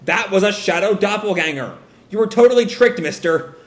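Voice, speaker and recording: A man's voice: high-pitched, expressive, brisk, voice pushed up. A man voicing a brash teenage ninja boy, raising his voice and pushing hard on the lines. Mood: insistent. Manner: raised, pushy delivery. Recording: roomy echo.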